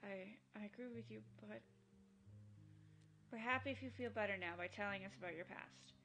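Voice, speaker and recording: Bold teen girl, woman doing it, bright and earnest. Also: medium pitch, moderate pace, faint music behind, close to an everyday voice. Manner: earnest, rousing. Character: teenage girl, bold, warm-hearted club leader. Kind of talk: visual novel fan dub.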